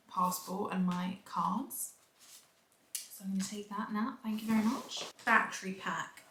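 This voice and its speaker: A young woman vlogging in a relaxed, chatty way, talking straight to her handheld camera with quick asides. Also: mid-range voice, a little hiss or hum. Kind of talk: casual vlog chat. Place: home, then an outdoor restaurant. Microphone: handheld camera or phone.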